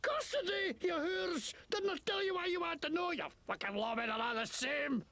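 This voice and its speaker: A crude wasteland crook with a bad fake Scottish accent, his voice gravelly and rough. He rants and complains in a video game, his pitch swinging wildly up and down. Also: lively intonation, moderate pace, sharp tone, slight background noise, full character voice. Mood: outraged. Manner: crude, ranting, self-pitying. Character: grudge-holding noseless male wasteland crook.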